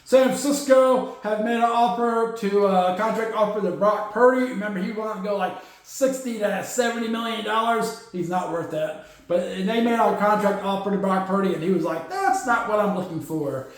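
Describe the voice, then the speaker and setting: High-voiced man chatting football in an echoey room. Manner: chatty, opinionated, mocking, acts out players in quick asides. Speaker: podcast host. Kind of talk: casual solo sports talk.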